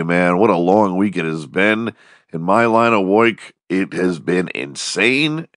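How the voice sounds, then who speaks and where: Man, forties, strained voice, very deep, dry close recording, podcast host, profane jokey rambling. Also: dry recording. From Texas. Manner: profane, jokey, animated storytelling. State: strained, losing his voice. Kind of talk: casual rambling monologue.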